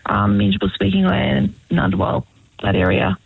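A woman's voice: mid-range voice, expressive, moderate pace, vocal fry, husky, no echo, rough recording. A woman from the Tweed area, a radio guest explaining a business program with fillers. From Tweed area, Australia. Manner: warm, proud, with fillers. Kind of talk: radio interview.

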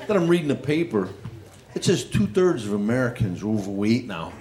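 A man doing self-deprecating stand-up and chatting with the audience, over loud crowd laughter. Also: medium pitch, big pitch swings, a little fast, noisy background. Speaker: stand-up comedian. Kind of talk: stand-up routine.

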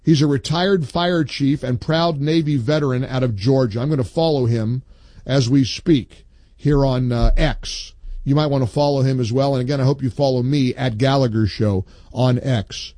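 A man's voice: medium pitch, normal speed, warm tone, dry recording. A man hosting a talk radio show, speaking emphatically and reading listener posts aloud. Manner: emphatic, reads a post aloud with rising indignation.

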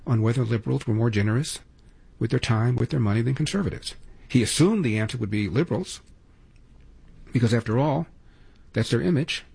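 Husky, opinionated talk radio host. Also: male voice, medium pitch, a little mellow. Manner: opinionated, sarcastic. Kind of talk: political talk radio commentary.

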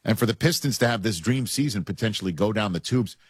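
A man with a New York accent hosting sports talk radio, animated and emphatic, repeating his points. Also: lowish voice, fast, husky, dry recording, clean studio sound. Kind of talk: casual sports talk and live ad read.

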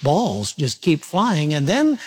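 Slow and a little mellow, with slight roughness and huge pitch swings, a fairly high male voice delivers a sermon. The pastor addresses his church congregation with direct questions and self-mocking humor.

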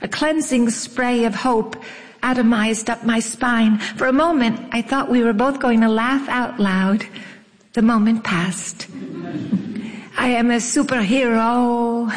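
A woman narrating a first-person memoir in a wry, unhurried storytelling manner. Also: on the high side. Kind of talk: audiobook memoir reading. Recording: long reverb.

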